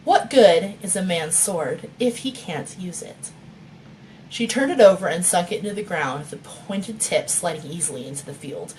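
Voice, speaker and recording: A woman's voice: on the low side, expressive, moderate pace, a little mellow, slight background noise. A woman author reading her novel aloud and chatting with viewers, laughing often and swearing freely, on a phone mic.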